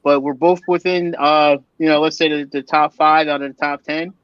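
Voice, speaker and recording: A man's voice: a little high, steady tone, normal speed, clean tone, no room sound. A man co-hosting a podcast, rambling in casual chat with lots of fillers. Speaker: podcast co-host. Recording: dull, dry sound.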